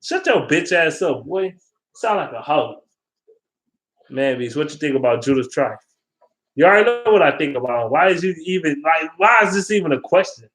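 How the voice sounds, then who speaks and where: A man ranting casually and profanely about football, animated and blunt, as a vlogger. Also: fairly high pitch, normal speed. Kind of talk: casual sports rant. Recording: roomy echo.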